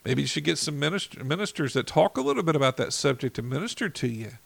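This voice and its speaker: Gravelly-voiced man preaching with fired-up enthusiasm. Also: on the high side, very animated, quick pace, a bit bright. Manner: enthusiastic, fired-up, peppered with "you know". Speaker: minister. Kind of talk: informal devotional preaching.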